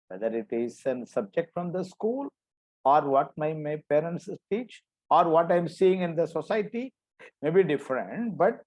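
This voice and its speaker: A man with a Tamil accent teaching a religious philosophy class. He speaks slowly and explains patiently, asking questions and then answering them himself. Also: fairly high pitch, a little mellow. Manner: slow, explaining, asks and answers his own questions.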